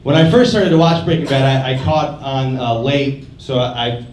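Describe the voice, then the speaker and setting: A young man doing a stand-up set in a comedy club, deadpan with quiet mumbled asides. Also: mid-range voice, normal speed. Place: comedy club stage, live audience. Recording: roomy club audio from a distance, loud noise.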